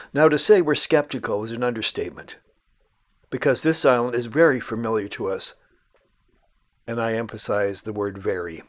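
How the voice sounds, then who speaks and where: Guy narrating his outdoors show, kinda breathy and husky, deliberate and dramatic. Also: mid-range voice. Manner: measured, dramatic storyteller delivery. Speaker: host. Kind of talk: scripted documentary narration.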